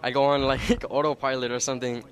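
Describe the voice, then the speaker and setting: A man's voice: medium pitch, little pitch movement, quick pace. A young man, an athlete, answering interview questions in a candid, rambling way. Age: young adult. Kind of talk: post-competition interview.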